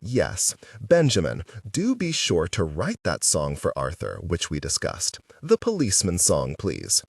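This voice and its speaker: A man's voice: deep voice, huge pitch swings, unhurried, few pauses, breathy edge, no room sound, exaggerated voice. A man voicing an eccentric middle-aged woman who runs a theater, breezy, commanding and evasive. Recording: dry sound, distant mic.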